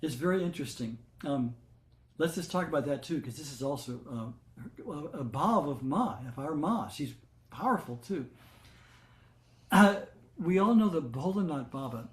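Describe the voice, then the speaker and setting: Leading a satsang, an older man shares devotional stories with those gathered, his voice slightly high. His delivery is soft and unhurried, with pauses on filler words and restarted sentences, echoing in a spacious room.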